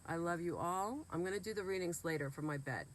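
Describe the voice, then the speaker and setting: A woman's voice: lowish voice, fairly quick, a little hiss or hum. A woman vlogger, sick and emotional, talking earnestly and bluntly straight to her viewers. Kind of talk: heartfelt direct-to-camera talk.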